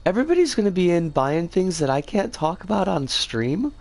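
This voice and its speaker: A game streamer chatting casually on a livestream, rambling with playful slang, their voice rough and scratchy today. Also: medium pitch, sing-song, a little fast, darkish tone.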